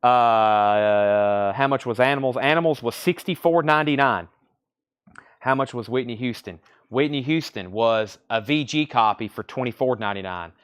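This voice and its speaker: Hosting a live record sale from inside a shop, a Southern-accented man with a medium-pitched, clean voice speaks at a moderate pace. His sales patter lists albums and their prices, broken up by casual asides.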